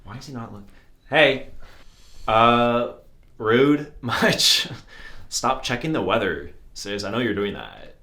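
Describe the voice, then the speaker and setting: A man's voice: mid-range voice, sing-song, takes it slowly, long pauses, bright, forceful tone, full character voice. A man playing a sassy gossip reporter. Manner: sassy, teasing, giggly. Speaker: entertainment news correspondent.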